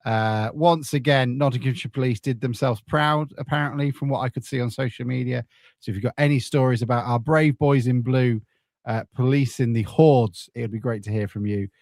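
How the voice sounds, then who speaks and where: A man hosting a casual football podcast, joking and relaxed with plenty of fillers. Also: mid-range voice, brisk, no room sound, studio quality. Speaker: podcast host.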